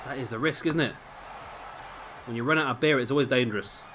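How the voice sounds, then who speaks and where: A man talks through a wrestling video game at home in a loose, rambling commentary. His voice sits at an everyday middle pitch, and he drifts into chatty, self-mocking asides. A faint hiss of background noise runs under it. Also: fairly quick. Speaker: gameplay commentator. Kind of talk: casual let's-play commentary. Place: at home, drinking beer while recording.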